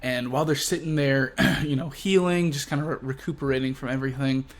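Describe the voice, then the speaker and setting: A man's voice: mid-range voice, steady tone, brisk. Chatty male comic-book video host. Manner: chatty, fillers like "you know". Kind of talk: casual chat about comics.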